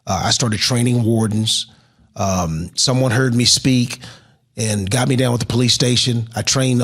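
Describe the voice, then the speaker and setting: A middle-aged motivational speaker, appearing as an interview guest, tells his story in a husky voice pitched in an ordinary middle range. He is an animated storyteller, swinging from excited rises to near-whispers and dropping to a hush at emotional moments.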